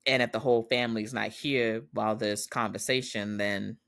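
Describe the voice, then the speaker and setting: A man's voice: on the low side, fairly even intonation, moderate pace, vocal fry, fairly bright tone, no echo. Chatty male podcast host, dry sound. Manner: chatty, laughs often, acts out quoted lines. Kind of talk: casual drama recap.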